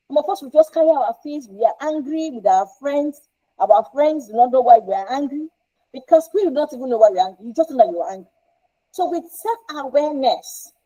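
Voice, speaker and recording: Woman counsellor teaching parents, kinda high mellow voice, asks lots of questions, slightly muffled audio. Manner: explains with rhetorical questions and acted examples. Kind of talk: parenting lesson.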